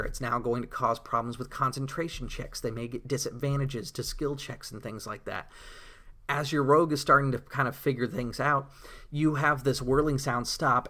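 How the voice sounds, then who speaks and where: A man's voice: medium pitch, fairly bright tone. A man giving a casual, rambling monologue about tabletop role-playing, with many fillers and enthusiastic storytelling. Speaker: tabletop RPG blogger.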